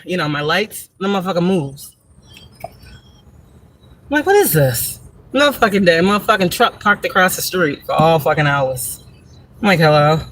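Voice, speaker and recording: A woman talks into her camera from a parked car, her voice bright and forceful. She rambles through stories in a profane, animated way, laughing often. A faint hiss of background noise sits under the recording. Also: low voice. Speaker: spiritual reader and vlogger. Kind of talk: casual rambling monologue.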